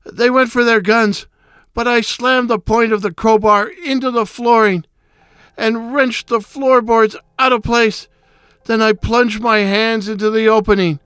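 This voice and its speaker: Storyteller, unhurried and theatrical, smooth close voice for a first-person horror tale. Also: mid-range voice, a bit bright, dry recording. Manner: slow, brooding, theatrical delivery.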